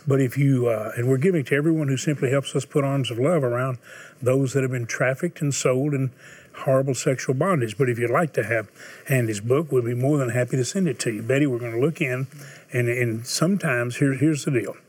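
An older man hosting a Christian TV talk show, steady and earnest, appealing to viewers in a preacher-like manner. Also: medium pitch, fairly quick, no room sound. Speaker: TV host.

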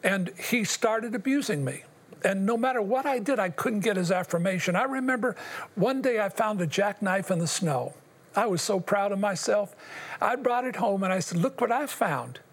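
Older male guest, husky tone, earnest and halting, testimony-style storytelling. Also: high-pitched. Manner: earnest, halting, with long pauses. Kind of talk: personal testimony in an interview.

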